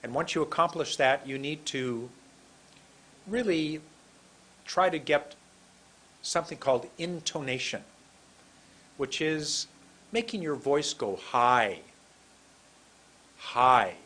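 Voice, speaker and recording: A man with a husky, slightly breathy voice teaches pronunciation at an unhurried pace. He says single words slowly and clearly, pausing for the listener to repeat them. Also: a little high, animated, fairly bright tone, low-quality recording. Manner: slow, deliberate, drills single words aloud. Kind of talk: recorded lesson.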